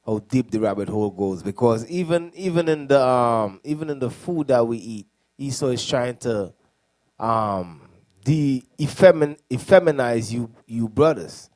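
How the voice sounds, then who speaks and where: A man speaking as a deacon on a preaching panel, animated and storytelling, with laughs and voice impressions. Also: mid-range voice, a little slow.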